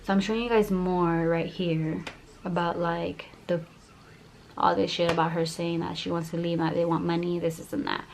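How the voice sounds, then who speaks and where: Brief Young woman vlogger, low-ish voice, angry profane storytime, faint background noise. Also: level tone, moderate pace, gravelly, darkish tone. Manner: heated, profane, lots of "like" fillers. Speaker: YouTuber. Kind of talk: storytime vlog rant.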